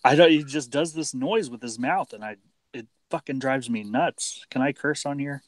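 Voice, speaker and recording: A man's voice: medium pitch, moderate pace, no room sound. A man in his thirties, a stream guest, talking casually with hesitant, rambling phrasing. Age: 30s. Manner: rambling, hesitant, many fillers. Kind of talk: casual live-stream chat.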